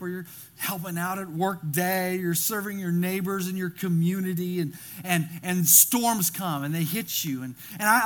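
A man preaching a sermon, animated and storytelling, acting out scenes and often restarting his words. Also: high-pitched. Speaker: pastor.

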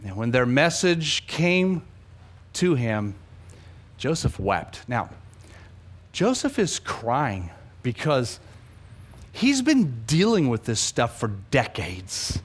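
A pastor preaches an animated sermon, swinging between loud emphasis and hushed asides and frequently repeating words to drive them home. His voice is medium-pitched and slightly rough, slow, with frequent pauses.

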